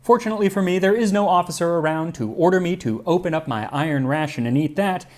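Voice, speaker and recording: Higher-voiced man narrating food history. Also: fast, darkish tone. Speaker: cooking history host. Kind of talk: scripted narration with tasting.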